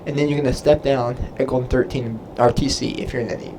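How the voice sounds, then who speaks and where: A man's voice: mid-range voice, fairly even intonation, fast talker, a little mellow, a little hiss or hum, rough recording. A young man, a Navy sailor, casually answering viewer questions on a livestream, rambling with lots of fillers. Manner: rambling, filler-heavy, loses his train of thought.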